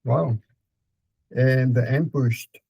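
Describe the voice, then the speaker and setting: A man with a Danish accent calmly guiding a client through a therapy session, repeating prompts slowly. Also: mid-range voice, vocal fry, breathy edge, no echo, poor audio. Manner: calm, repetitive prompting with fillers.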